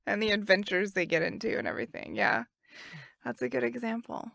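A woman's voice: mid-range voice, fairly quick, creaky, fairly bright tone, no echo, studio quality. A woman co-hosting a casual podcast, chatting with her siblings in an upbeat way and laughing often. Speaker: podcast co-host. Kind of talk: casual chat.

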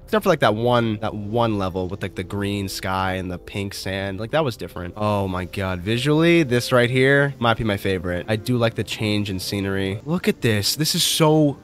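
A young man commenting on a game as he plays, excitable and profane, his voice leaping up into shrieks when startled. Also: lowish voice, moderate pace, hardly any pauses. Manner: excitable, swears a lot, shrieks when scared. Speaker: gaming streamer. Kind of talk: let's play commentary.

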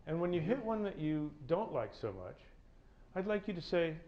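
Man giving an audience talk, slightly high. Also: big pitch swings, moderate pace, warm tone, muffled recording. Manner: engaging, leads the audience through exercises. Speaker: corporate speaker. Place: hall with a live audience.

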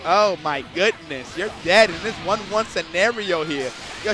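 A man doing live commentary on a fighting game match, excitable and swearing freely, breaking into shouts. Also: sits high, a little slow, hardly any pauses, loud music behind the voice.

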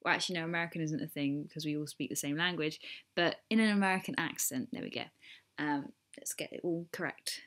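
A woman's voice: low voice, quick pace, fairly bright tone. A young woman vlogging casually to camera, rambling and self-deprecating, now and then trying an American accent on single words. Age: young adult. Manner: jokey, attempting an American accent on odd words.

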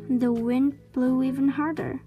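A woman reads a children's chapter book aloud in a high voice. Her pace is slow and clear, and faint music plays underneath. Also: fairly even intonation, dark tone. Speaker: reader.

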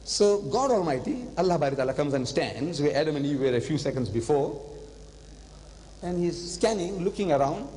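An older man giving an animated religious lecture, telling stories and slipping in phrases. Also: fairly high pitch, normal speed. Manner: animated storytelling, switching into Hindi-Urdu phrases. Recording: long hall reverb.

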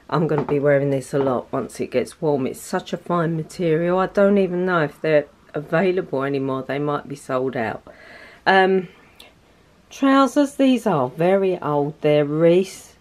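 A woman in her sixties chatting casually on her lifestyle vlog, soft-spoken and heartfelt. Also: sits low, unhurried, rough recording. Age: 60s. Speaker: lifestyle vlogger.

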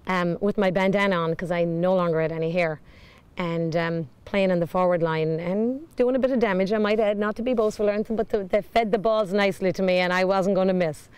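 A woman speaks in an interview in an earnest, heartfelt way. Her voice is lower than most and smooth and clear. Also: fairly quick, a little mellow. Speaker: team member.

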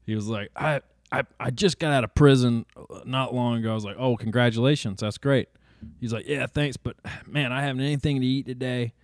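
A podcast co-host tells a story in casual chat, animatedly acting out the people he quotes with a raised pitch. He talks fairly quickly, and the sound is clean studio audio with no room sound.

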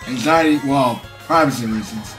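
Tired streamer rambling over game music. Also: male voice, mid-range voice, normal speed. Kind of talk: casual live-stream chat.

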